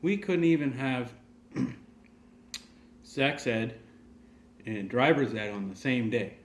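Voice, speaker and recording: A man's voice: medium pitch, takes it slowly, slight background noise. A man voicing a proud, plainspoken old male farmer who talks in a folksy, rambling way. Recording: echoey room.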